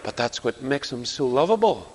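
A man preaching a sermon to a large congregation, telling stories in an animated way and building to emphatic declarations. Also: medium pitch, normal speed, breathy edge. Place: large church or hall before a congregation. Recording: long hall reverb.

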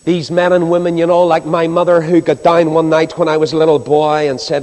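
A man preaching a sermon with fervor, swinging between loud declarations and hushed, pleading passages. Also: fairly high pitch, flat delivery, fairly quick, hardly any pauses. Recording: long reverb of a large hall.

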